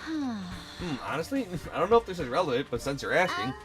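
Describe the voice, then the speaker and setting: A man's voice: sits high, very animated, brisk, over music, pitched above the performer's own voice. A man doing a rambling, unsure classmate. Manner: rambling, offhand.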